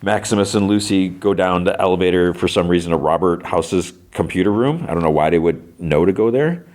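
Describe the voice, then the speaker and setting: A man's voice: sits low, brisk, darkish tone. A man hosting a podcast, casually recapping a TV episode in a rambling, hesitant way full of filler words. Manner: rambling, hesitant, lots of "like" and "you know". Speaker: podcast host.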